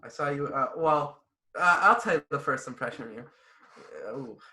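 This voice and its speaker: A young man hosting a podcast in casual chat, blunt, animated and full of profanity. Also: a little high, moderate pace. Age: young adult. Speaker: podcast host.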